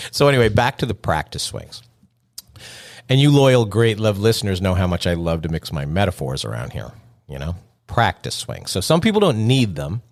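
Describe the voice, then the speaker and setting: A man hosting a podcast, talking alone in a joking, conversational way and chuckling at his own lines. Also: on the low side. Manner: joking, conversational, self-amused. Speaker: podcast host. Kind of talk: solo podcast monologue.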